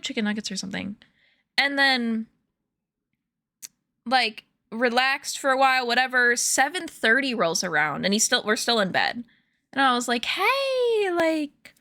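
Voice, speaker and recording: Streaming from a room at home, a young woman chats casually with her viewers, rambling through stories full of fillers and laughter. Her slightly high voice is expressive, moderately paced, pushed, and bright. The recording has no room sound.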